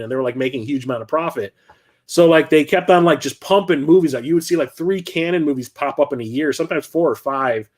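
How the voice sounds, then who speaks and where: A middle-aged man hosting a casual talk about his film collection, rambling and enthusiastic, with many fillers. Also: on the high side. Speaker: host.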